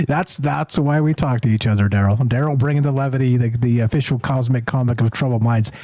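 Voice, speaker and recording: A man's voice: medium pitch, fairly quick, a little mellow, no room sound, low-quality recording. A man hosting a call-in talk show, rambling and self-interrupting with a wry edge. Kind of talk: casual talk-radio conversation.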